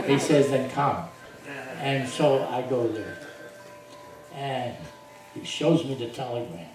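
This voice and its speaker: With a crowd audible behind him, an older man in a mid-range voice recounts his life to a group at a slow pace. He brings the tale alive with voiced quotes and laughs, recorded from far off in a noisy, echoing hall.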